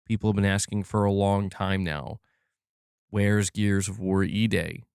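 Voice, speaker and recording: A man's voice: fairly low pitch, steady tone, measured pace, vocal fry, a little mellow, smooth, dry recording, clean studio sound. A man hosting a casual gaming livestream, chatting loosely and reading out viewers' chat messages. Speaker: livestream host.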